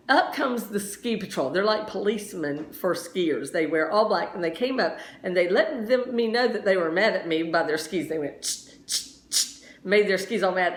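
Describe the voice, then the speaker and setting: A woman science teacher telling a lively story during a lesson, laughing often as she goes. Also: on the high side. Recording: roomy echo.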